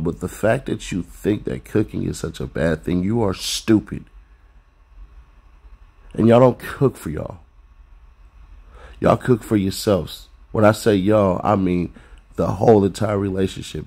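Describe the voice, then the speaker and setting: A man's voice: on the low side, creaky, dark tone. A man hosting a commentary rant, blunt and profane, lecturing viewers with rhetorical questions. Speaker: commentary host.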